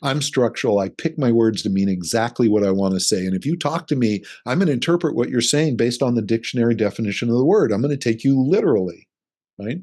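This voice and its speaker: A man's voice: medium pitch, animated, quick pace, darkish tone. A middle-aged man, a relationship coach, talking earnestly in an interview and explaining his ideas with acted-out examples. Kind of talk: casual interview conversation.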